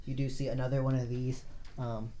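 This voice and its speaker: A man narrating as game master, halting and full of filler words. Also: mid-range voice, little pitch movement, heavy background noise.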